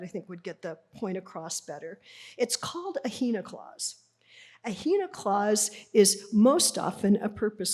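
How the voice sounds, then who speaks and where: A woman's voice: mid-range voice, a little mellow. A middle-aged woman giving a live lecture to an audience, explaining a Bible translation in a conversational, teacherly way and putting rhetorical questions to the listeners. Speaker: speaker presenting a Bible translation.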